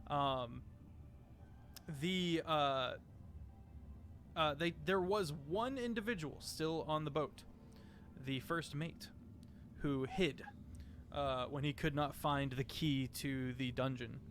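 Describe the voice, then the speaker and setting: Slow, hesitant male game master. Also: on the high side, fairly bright tone. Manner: hesitant, many fillers. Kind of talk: narrating a tabletop game.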